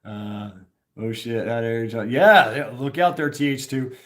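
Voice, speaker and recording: A man's voice: mid-range voice, expressive, normal speed, fairly bright tone. A middle-aged man from Tennessee hosting a casual live stream, rambling, swearing and laughing often as he reads comments.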